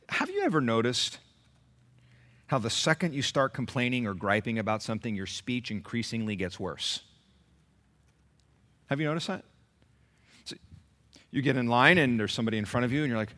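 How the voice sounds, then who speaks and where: A man preaching a sermon as pastor, emphatic and animated, with many rhetorical questions. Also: mid-range voice, moderate pace, pauses often.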